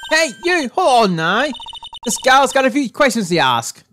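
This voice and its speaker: A loud, brassy Southern gal who boasts and pushes in a folksy drawl, as a woman streamer puts her on. Her voice jumps well above the reader's own and swings widely. Game music plays behind her. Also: high-pitched, sing-song, normal speed, pitched above the performer's own voice. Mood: bossy. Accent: Southern US, put on. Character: brash southern woman photographer, loud and pushy.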